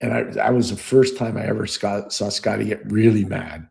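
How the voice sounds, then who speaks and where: Gravelly-voiced man telling old stories. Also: lowish voice, normal speed. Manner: animated storyteller, acts out quoted voices, laughs often. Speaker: podcast co-host. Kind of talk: storytelling in casual chat.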